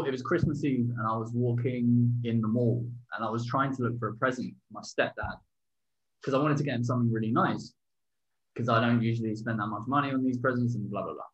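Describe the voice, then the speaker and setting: A man's voice: medium pitch, fairly quick. A man co-hosting a casual chat, telling stories in a loose, joking way with stammered repeats and swearing. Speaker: podcast co-host. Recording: dull lo-fi sound.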